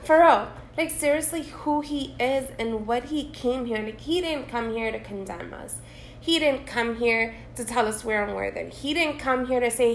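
A woman's voice: on the high side, normal speed, vocal fry, a little hiss or hum. A woman co-hosting a casual faith podcast, talking earnestly and reading Bible verses aloud with emotion. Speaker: podcast co-host. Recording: echoey room.

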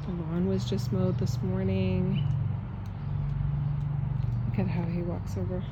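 A woman's voice: fairly low pitch, flat delivery, slow, very noisy. Blunt, emphatic woman giving a spiritual pep talk. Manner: blunt, emphatic, swears, laughs often. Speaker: spiritual coach. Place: outdoors in a yard.

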